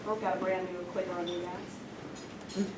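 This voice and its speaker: A woman's voice: on the low side, flat delivery, a little slow. A woman from New York giving a friendly, chatty guest talk with slides at a meeting. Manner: friendly, self-deprecating, chatty. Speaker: guest speaker. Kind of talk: presentation with slides. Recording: echoey room, distant mic, noisy.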